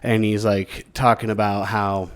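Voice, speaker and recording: A man's voice: lowish voice, level tone, unhurried, clear, resonant tone. A man from the United States co-hosting a podcast, chatting casually, swearing and laughing a lot. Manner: profane, joking, laughs often. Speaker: podcast co-host.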